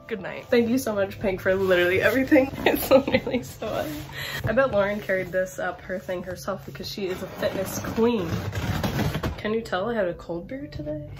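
A woman's voice: medium pitch, lively intonation, a little fast, over music. A 21-year-old woman chatting in an unboxing vlog, gushing and rambling with constant "like" and "literally.". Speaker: campus brand rep.

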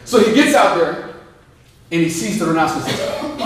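A veteran man giving a lively motivational speech, joking and asking the crowd questions. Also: a little high, fairly quick. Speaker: guest speaker, veteran. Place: large indoor hall. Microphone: distant microphone. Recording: echoey hall, distant mic.

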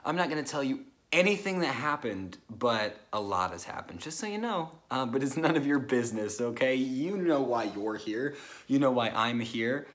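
Young dude talking to camera, jumpy and overdramatic, rambles when scared. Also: male voice, medium pitch, animated, moderate pace, fairly bright tone. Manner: jittery and overdramatic, nervous rambling. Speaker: YouTuber. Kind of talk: casual vlog to camera.

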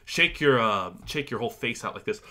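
A man teaching a virtual music lesson to young children, cheerfully guiding them through warm-ups and counting along. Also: medium pitch, animated, a little fast, slight background noise.

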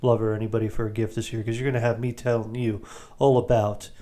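A man hosting a podcast, giving a rambling, jokey recap of a movie with quick asides. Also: fairly low pitch, flat delivery, mellow. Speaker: podcast host.

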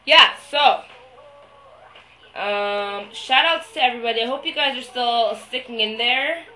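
A young woman talking to the camera in a video diary, venting her frustration, swearing a lot and pausing often with fillers. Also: fairly high pitch, pushed and bright, faint music behind, low-quality recording. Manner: hesitant, many fillers. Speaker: vlogger.

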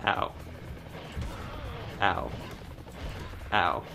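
A man giving profane, sarcastic, excitable commentary over his own gameplay. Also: very slow, over music. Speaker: gaming commentator. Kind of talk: let's play commentary.

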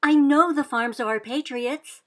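A woman voicing a brave, determined young girl who pleads in an earnest, loud voice. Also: high voice, a little slow. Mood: eager.

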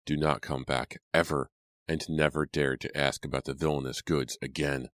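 A man voicing a hostile farmer who talks in a slow, menacing growl. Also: very deep voice, steady tone, a bit bright, dry recording, studio quality. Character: hostile gruff male farmer, middle-aged.

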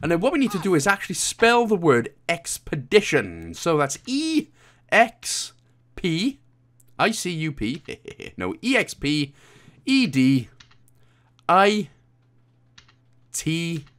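A man from Wales talks through a video game walkthrough in a loose, casual way. His voice sits a little high and swings up and down with lots of life. He keeps dropping in jokey, self-mocking asides as he rambles along. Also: sing-song, slow pace, pauses often, a bit bright.

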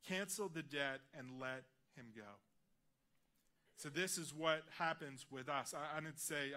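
A man preaching a sermon in a church, earnest and personal, dropping his voice quietly on key lines. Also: fairly high pitch. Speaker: guest preacher. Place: large church auditorium.

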